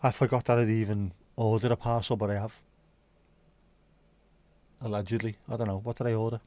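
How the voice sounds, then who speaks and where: A man's voice: lowish voice, level tone, brisk, dark tone, no room sound. A man hosting a casual livestream, rambling chattily with sweary asides. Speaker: livestream host. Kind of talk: casual solo livestream chat. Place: home.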